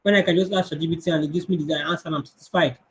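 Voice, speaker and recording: A man's voice: on the high side, fairly even intonation, rapid-fire, poor audio. Man teaching an online coding class. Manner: conversational, answers questions, restarts often. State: strained voice. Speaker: coding instructor.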